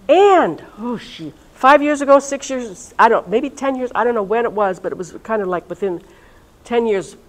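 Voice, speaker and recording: A woman, a religious sister, leading a reunion session in a chatty, lively way and talking straight to her audience. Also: fairly high pitch, moderate pace, poor audio. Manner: chatty and lively, talks directly to listeners. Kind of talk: informal talk to a live audience. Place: college event room.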